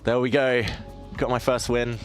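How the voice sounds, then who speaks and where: Playing chess live, a man from southeast England gives casual commentary, musing aloud, joking at his own expense and chatting with his audience. His medium-pitched voice has little pitch movement and a moderate pace, with soft background music.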